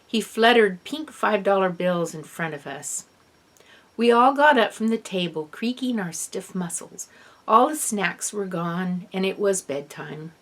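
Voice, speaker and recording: A woman reading a first-person children's novel aloud in an expressive storybook narration. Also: medium pitch, unhurried. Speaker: audiobook reader.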